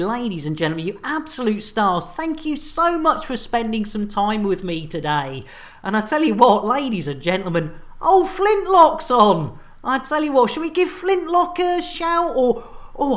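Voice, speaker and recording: A woman chatting casually to her viewers on a live game stream, animated and chatty with lots of fillers. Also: a little high, normal speed. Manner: animated, chatty, full of fillers and thank-yous.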